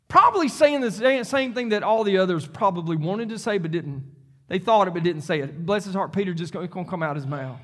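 High-voiced, emphatic male preacher. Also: lively intonation, fairly quick, fairly bright tone. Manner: emphatic and repetitive, preaching on scripture; talks directly to the congregation. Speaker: pastor. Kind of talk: sermon.

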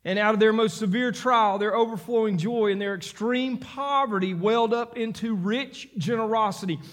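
A man preaching a sermon, reading scripture and rising into fervent, near-shouted emphasis. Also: sits high, normal speed. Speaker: pastor.

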